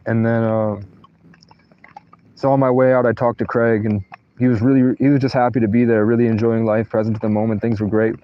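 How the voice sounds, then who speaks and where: In a lowish, dark voice, a man livestreams from inside a tent while a thunderstorm goes on. He wanders profanely through personal stories, often breaking off mid-sentence, and the sound is lo-fi.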